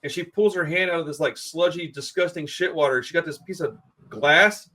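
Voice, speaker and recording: A man in a casual film review chat, talking in an excitable, profane, slangy way. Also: fairly high pitch, brisk. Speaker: podcast co-host.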